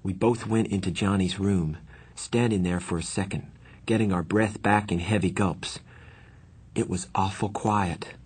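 A man narrates a novel in the first person in a measured, earnest way. His voice sits low. It carries a husky, slightly breathy texture. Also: steady tone, darkish tone. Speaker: audiobook narrator.

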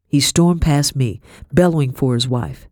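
A woman narrating an audiobook in a measured, expressive reading style. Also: rumbling low, no echo. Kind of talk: scripted narration. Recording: dry close audiobook recording.

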